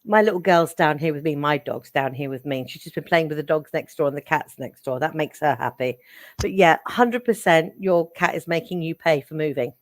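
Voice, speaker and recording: A woman giving psychic readings on a live stream, chatty and affectionate, getting excitable and calling viewers darling. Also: low voice, fairly quick, no echo. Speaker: psychic reader.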